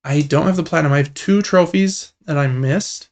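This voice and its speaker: A young man co-hosting a casual gaming podcast, talking in a relaxed, rambling and enthusiastic way. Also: fairly high pitch, moderate pace. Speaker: podcast co-host.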